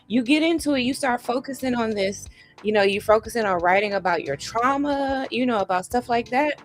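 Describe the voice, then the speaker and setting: A woman's voice: fairly high pitch, brisk, soft background music. A woman hosting a writing livestream, chatting casually and encouraging viewers, her voice shaking from a vibration plate. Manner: chatty, encouraging, uses y'all and sis. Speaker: livestream host of writing sessions.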